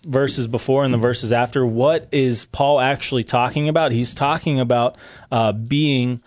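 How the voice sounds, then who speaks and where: A man's voice: mid-range voice, steady tone, normal speed, no room sound, studio quality. A man co-hosting a live Bible discussion show, explaining verses in an earnest, emphatic preaching tone. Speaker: co-host of a Bible teaching show.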